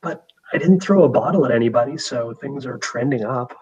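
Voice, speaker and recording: A man playing in a tabletop game, calmly describing what his character does. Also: medium pitch, fairly quick, breathy edge, dull audio. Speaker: player. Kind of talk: tabletop role-play.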